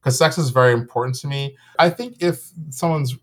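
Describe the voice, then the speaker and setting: A man's voice: medium pitch, a little fast. Chatty man laughing through candid talk. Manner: chatty, laughs often, stammers when excited. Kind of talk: candid casual chat.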